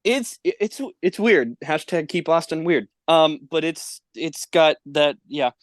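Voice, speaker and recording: A man's voice: a little high, expressive, takes it slowly, dry recording. A young man, a podcast guest, chatting casually and laughing often, with a self-deprecating manner. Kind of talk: casual chat. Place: parents' house.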